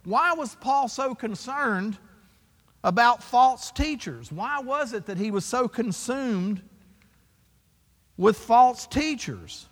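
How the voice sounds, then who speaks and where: A man's voice: very high voice, lively intonation, slow. A man preaching a sermon as pastor, emphatic and full of rhetorical questions to his congregation. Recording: long hall reverb.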